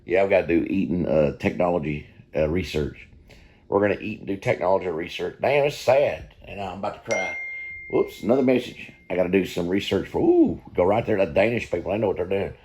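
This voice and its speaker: A man's voice: deep voice, brisk, noisy background. A man giving rambling, folksy commentary while watching a film, swearing casually and repeating himself. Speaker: vlogger.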